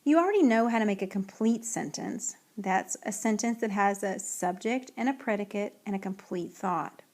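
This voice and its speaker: A woman teacher giving a recorded writing lesson, reading example sentences slowly and clearly. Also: mid-range voice, darkish tone.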